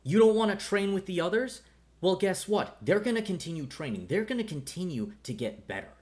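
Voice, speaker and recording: A man's voice: mid-range voice, sing-song, a little slow. A man voicing a stern veteran male ranger and father who lectures bluntly and swears, in tabletop role-play.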